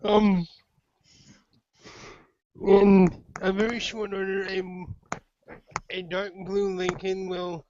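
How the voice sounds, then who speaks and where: A high-voiced man narrates a tabletop game slowly and haltingly, filling the pauses with ums. The recording is muffled, with faint noise behind him. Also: flat delivery, darkish tone. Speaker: game master.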